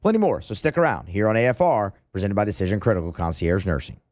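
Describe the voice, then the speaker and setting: A man's voice: lowish voice, animated, quick pace, a little mellow, no room sound, studio quality. A man hosting live sports radio, talking casually with lots of fillers. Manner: casual, loose, many fillers. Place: radio studio at a media event.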